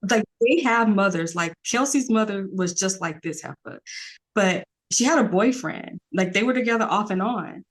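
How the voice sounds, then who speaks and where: A woman's voice: mid-range voice, expressive, moderate pace. Earnest woman podcast guest. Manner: earnest, rambling with many fillers. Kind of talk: casual podcast conversation.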